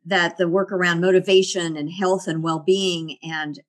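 A woman's voice: on the low side, level tone, normal speed. A middle-aged woman talking as an interview guest, reflective and often laughing. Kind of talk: casual interview conversation.

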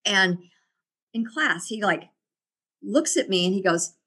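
A woman's voice: medium pitch, lively intonation, a little slow, pauses often, sharp tone, breathy edge. A middle-aged woman, a guest in an interview, reflectively telling personal stories and laughing often. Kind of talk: casual interview storytelling.

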